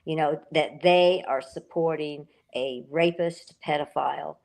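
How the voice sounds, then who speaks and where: A woman's voice: low voice, a little slow, vocal fry, a little mellow. A woman author talking over a video call as an interview guest, earnest and rambling, filling gaps with "um" and "you know". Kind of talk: emotional interview talk.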